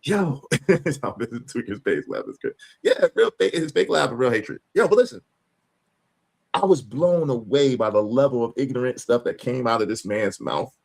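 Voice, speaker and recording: Animated mocking man streaming live. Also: medium pitch, moderate pace, vocal fry. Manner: loud, mocking, laughs often; repeats phrases for emphasis. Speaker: livestream host. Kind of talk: live reaction commentary.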